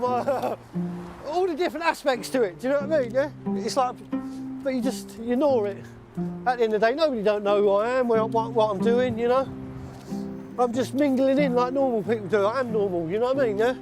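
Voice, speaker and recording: A man's voice: extremely high pitch, brisk, music in the background. A man, a psychiatric inpatient out on leave, talking casually and constantly adding "you know what I mean". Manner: chatty, peppers talk with "you know what I mean" and laughs. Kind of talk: casual chat while out and about.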